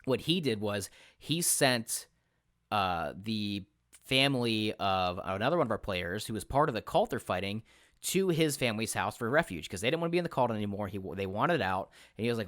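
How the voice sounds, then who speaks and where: A man hosting a casual podcast chat as a game master, telling stories in an animated way, acting out other people's lines and swearing freely. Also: on the low side, normal speed, dry recording, studio quality. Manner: animated storyteller who acts out quotes and swears freely.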